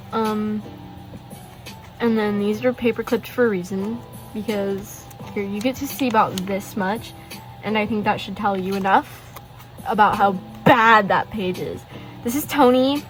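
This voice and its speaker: A woman's voice: medium pitch, rough recording. A teenage girl in casual chat, showing her sketchbook in her bedroom and gushing with lots of fillers and rambling asides. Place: bedroom at a desk. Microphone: phone hanging above the desk.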